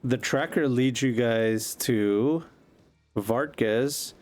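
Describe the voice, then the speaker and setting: A man's voice: medium pitch, a little mellow, faint music behind. Casual male game master. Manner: casual, quick narration with frequent fillers. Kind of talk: narrating a tabletop game.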